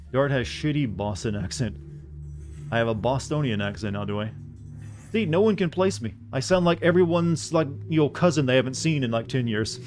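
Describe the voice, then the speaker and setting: A man's voice: medium pitch, darkish tone. A man from the Southern United States casually commenting on a game he is streaming, rambling and wry as he chats with viewers.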